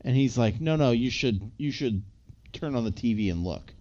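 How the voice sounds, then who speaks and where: A man's voice: medium pitch, animated, normal speed, darkish tone. A man casually recapping a movie plot as a podcast co-host, rambling with lots of filler words. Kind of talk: casual chat. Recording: slightly dull lo-fi audio.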